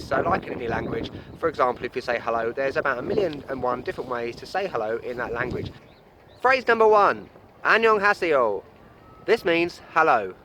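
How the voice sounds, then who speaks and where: A man's voice: medium pitch, a bit bright, a little hiss or hum. A young man presenting a cheerful travel guide vlog, explaining things patiently with a self-deprecating manner. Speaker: travel vlogger. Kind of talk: upbeat travel guide to camera.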